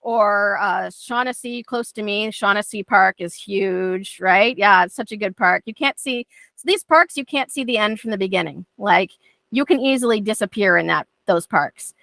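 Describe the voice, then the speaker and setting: A woman's voice: medium pitch, normal speed, creaky, no echo. A middle-aged woman, teaching a dog training class in a casual, chatty way, often acting out what her dogs think. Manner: chatty, acts out her dogs' thoughts in lively voices.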